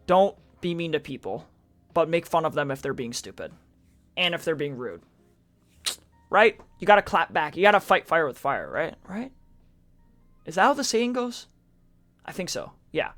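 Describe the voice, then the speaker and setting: A man's voice: on the high side, sing-song, moderate pace, pauses often, sharp tone, soft background music. A man streaming casual reddit reaction commentary, chatty with sarcastic asides, reading posts aloud in a mocking tone.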